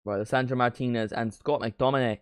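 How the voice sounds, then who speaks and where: A man streaming a live football watchalong, chatting casually and breaking into quick play-by-play calls. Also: mid-range voice, steady tone, smooth, no echo, clean studio sound.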